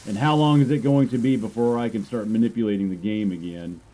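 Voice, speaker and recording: Male gamer with a mellow, dark tone; rambling, stammering rant. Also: fairly low pitch, fast. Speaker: gamer commentator. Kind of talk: ranting commentary.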